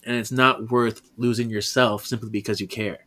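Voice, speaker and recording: A man co-hosting a podcast in casual chat, earnest and emotive, his sentences often trailing off softly. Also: lowish voice, steady tone, normal speed. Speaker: podcast co-host. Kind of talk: casual chat, reading a comic aloud.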